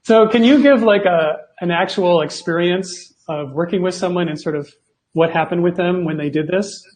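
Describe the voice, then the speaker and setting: A man's voice: high voice, moderate pace, darkish tone. A man hosting an interview, asking casual questions and giving brief friendly affirmations. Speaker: interview host.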